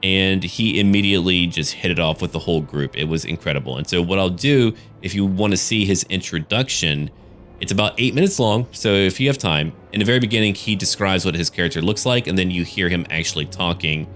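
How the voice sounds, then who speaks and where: A man with a very low voice talks through a casual update for his gaming channel. He rambles and jumps between thoughts. He drops in a curse word here and there. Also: fairly quick, a bit bright, slight background noise. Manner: rambling, loose, with casual swearing. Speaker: gaming YouTuber and game master.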